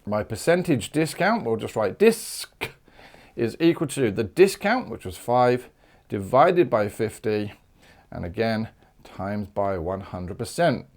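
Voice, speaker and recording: A man's voice: fairly low pitch, sing-song, slow pace, darkish tone. Man from the UK, maths teacher, upbeat and chatty, jokey asides. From United Kingdom. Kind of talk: video maths lesson.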